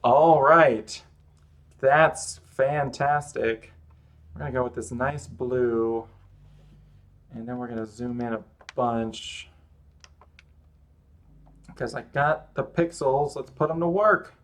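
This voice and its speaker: This streamer, with a mid-range voice, takes things slowly and leaves long pauses while drawing live. He chats casually and rambles through self-mocking running commentary on each step and his own mistakes.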